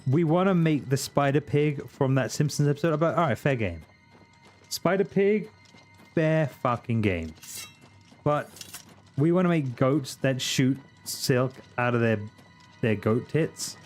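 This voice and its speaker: A man's voice: on the high side, lively intonation, moderate pace, long pauses, darkish tone, soft background music. A man streaming a game live, chatting casually and ranting crudely in comic asides. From Britain.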